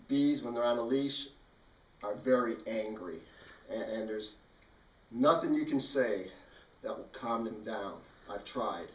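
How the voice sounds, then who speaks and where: A man tells a childhood story in a relaxed, matter-of-fact way, with a dry, wry edge. His voice sits at an ordinary pitch for a man. The recording is roomy, with the mic set some distance away. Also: highs cut off. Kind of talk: casual spoken storytelling.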